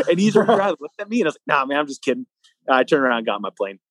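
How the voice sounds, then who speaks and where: A young man, a guest athlete, telling a long story in a casual, animated way, acting out both sides of the dialogue. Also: fairly high pitch, rapid-fire, no echo.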